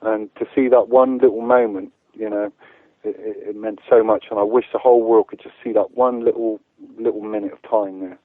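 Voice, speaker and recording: Halting man over a tinny phone line. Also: lowish voice, steady tone, dry recording. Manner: halting, repeats words often. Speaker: activist guest. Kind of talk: earnest interview answers.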